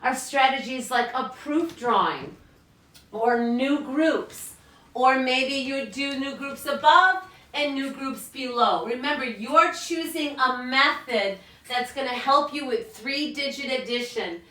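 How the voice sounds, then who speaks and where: A woman teacher records a slow-paced math lesson for children learning at home, her bright, slightly high voice coaxing them along in an upbeat, encouraging way. She sounds a little distant from the mic in an echoey room.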